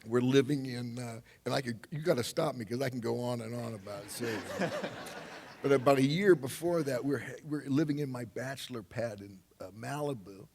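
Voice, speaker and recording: A man's voice: medium pitch, fairly quick, darkish tone, slight background noise. An older man telling a loose, rambling anecdote on stage to a live audience, full of fillers and laughs. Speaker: guest speaker.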